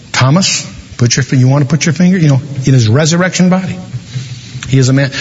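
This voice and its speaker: A man preaching a sermon, telling a story and slowing down dramatically for emphasis. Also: mid-range voice, husky. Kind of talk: sermon with a told joke. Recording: dull, reverberant hall recording.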